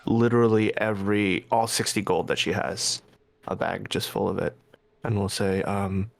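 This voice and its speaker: A man's voice: on the low side, fairly even intonation, normal speed, vocal fry, no room sound. A young man playing a tabletop game, hesitantly describing and voicing his character's actions. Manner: hesitant, filler-heavy, speaking his character's lines. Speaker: player.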